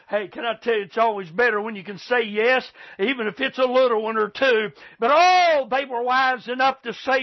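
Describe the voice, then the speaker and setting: A man preaching a fiery radio sermon, impassioned and repetitive, breaking into shouts. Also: very high-pitched, normal speed, few pauses, dull audio. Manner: impassioned, shouting bursts, repeated rhetorical "can I tell you".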